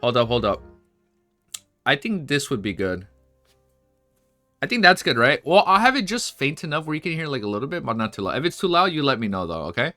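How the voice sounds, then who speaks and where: A man streaming a read-along of a web novel, reading haltingly with restarts and breaking into excited casual asides. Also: medium pitch. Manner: reads aloud haltingly, stumbling and restarting. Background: faint background music.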